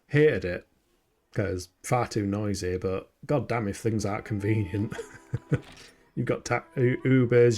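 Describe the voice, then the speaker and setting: Speaking with a lowish pitch and darkish tone, this young man from Yorkshire, England chats casually with his stream audience during a game. He pokes fun at himself and mutters under his breath while he plays.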